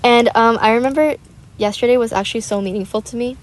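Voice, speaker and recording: A woman's voice: a little high, fast. A teenage girl chatting casually and rambling animatedly while she plays a game. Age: teens. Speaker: gaming YouTuber. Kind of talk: casual chat while gaming.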